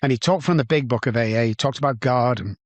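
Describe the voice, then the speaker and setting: A man's voice: mid-range voice, fast talker, dry recording. Manchester man telling his story, dry sound. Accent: Manchester English. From England. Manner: animated storyteller who acts out the dialogue. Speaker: podcast guest. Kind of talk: personal storytelling in an interview.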